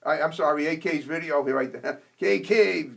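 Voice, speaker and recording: A man's voice: fairly high pitch, normal speed, gravelly, a bit bright. Easygoing talk show host, man. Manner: easygoing, fumbles names. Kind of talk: public-access interview chat.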